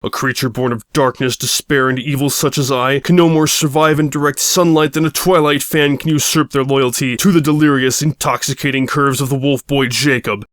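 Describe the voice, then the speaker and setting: A man playing a pompous, melodramatic dark lord. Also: medium pitch, steady tone, fairly quick, few pauses, no room sound, studio quality, lightly acted. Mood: bombastic. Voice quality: melodramatic, grandiose. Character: pompous dim-witted male dark lord.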